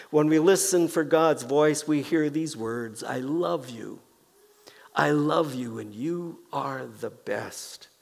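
A pastor preaching a slow, deliberate sermon, his fairly high voice carrying a gravelly edge. He lingers on key phrases and repeats them softly. A long church-hall reverb trails after each line. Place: church sanctuary.

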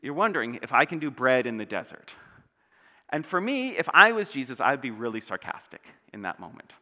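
A man's voice: medium pitch, very animated, a little fast, sharp tone. A male pastor preaching a sermon in a church, playful and joking as he tells stories. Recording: long church hall reverb.

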